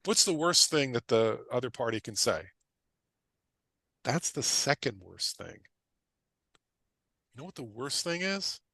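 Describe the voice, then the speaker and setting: A man's voice: mid-range voice, sing-song, vocal fry, bright, forceful tone, no room sound. A middle-aged man teaching a live online class in an emphatic, repetitive way, driving points home with questions and casual asides. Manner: punchy, casual asides with quick tangents. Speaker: guest real estate investor teaching. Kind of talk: energetic livestream teaching talk.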